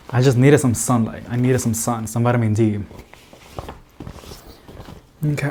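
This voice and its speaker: A man's voice: medium pitch, a little mellow. A man chatting casually to camera as a plant vlogger in an indoor plant room, rambling with lots of fillers and little laughs.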